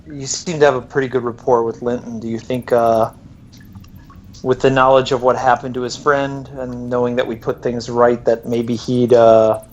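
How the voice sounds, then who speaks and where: A man's voice: mid-range voice, little pitch movement, normal speed, highs cut off, slight background noise, lightly acted. A man voicing his character Nero in a tabletop game, asking a favour politely and hesitantly. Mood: coaxing. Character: Nero, a tactful adventurer man. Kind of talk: in-character dialogue.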